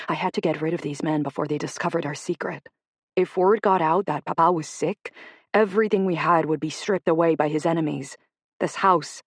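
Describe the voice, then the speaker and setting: A woman narrating a dark romance audiobook in the first person, measured and steady. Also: on the low side, no room sound, studio quality. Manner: measured storytelling.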